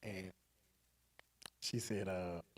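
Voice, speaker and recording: A man's voice: sits low, very slow, a little hiss or hum. A man at a church Bible study telling a humorous personal story, acting out the voices of the people in it. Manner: animated storyteller who acts out quoted voices.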